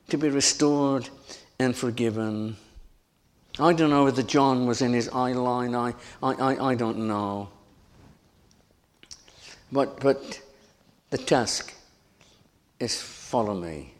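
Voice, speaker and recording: A middle-aged male pastor preaches a sermon at an unhurried, deliberate pace. His voice sits in an ordinary middle register, earnest and emphatic, and he often repeats phrases and stumbles into restarts. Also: mid-range voice.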